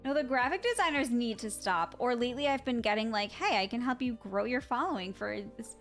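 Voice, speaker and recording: A woman streaming from home, chatting casually with her chat in a slightly high voice. She is blunt and swears freely, often laughing mid-story. Faint music plays softly behind her desk mic. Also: animated, a little fast. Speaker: live streamer.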